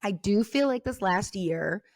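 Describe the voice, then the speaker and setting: A middle-aged woman co-hosting a casual faith podcast, talking in a chatty, animated way with lots of fillers. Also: mid-range voice, a little slow, no room sound. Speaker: podcast co-host.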